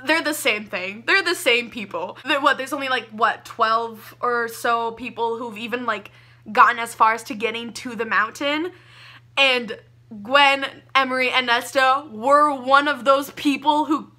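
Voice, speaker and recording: A young woman gushing about a book she loved, talking casually and excitably with lots of "like" fillers. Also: sits high. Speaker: book reviewer.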